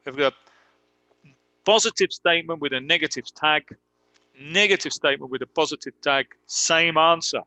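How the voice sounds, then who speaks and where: Bright-voiced man teaching English. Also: on the high side, dry recording. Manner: explains slowly with many ums, models example sentences. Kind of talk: live online grammar lesson.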